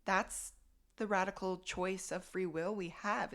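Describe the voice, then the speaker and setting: A woman's voice: mid-range voice, steady tone, a little slow, a bit bright. A young adult woman hosting her own podcast, telling a personal story in a candid, casual way and swearing freely. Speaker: podcast host. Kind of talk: casual solo reflection.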